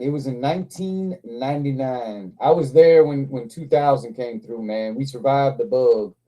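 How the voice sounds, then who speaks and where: Very dark-voiced man telling rowdy stories. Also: mid-range voice, poor audio. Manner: laughing, profane, rambling with restarts. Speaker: livestream host. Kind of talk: casual storytelling chat.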